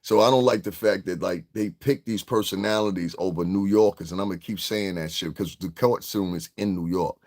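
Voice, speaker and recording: A man's voice: deep voice, a little fast, hardly any pauses, a little mellow. A man doing casual live-stream commentary in a rambling, profane, streetwise way. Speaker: livestream commentator.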